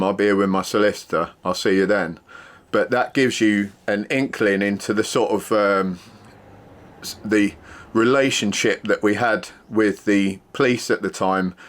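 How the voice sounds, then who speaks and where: A man, a former security worker, casually telling a true story and acting out the exchanges in it. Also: fairly low pitch. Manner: animated retelling, acting out quoted exchanges.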